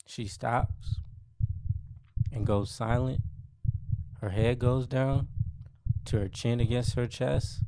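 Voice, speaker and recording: A man's voice: on the low side, creaky, warm tone, no echo, clean studio sound. A young man hosting a podcast, telling a personal story in a slangy, conversational way that often repeats itself. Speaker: podcast host. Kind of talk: casual first-person storytelling.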